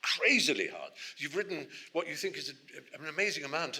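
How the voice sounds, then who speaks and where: An Englishman giving an animated, digressive talk to a university society audience, often restarting his sentences. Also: on the high side, a little fast. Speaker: guest speaker.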